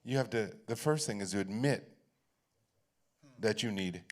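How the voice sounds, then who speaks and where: A man as an onstage guest, telling candid personal stories in an animated way, often laughing and restarting his phrases. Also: fairly low pitch, moderate pace. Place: library event stage.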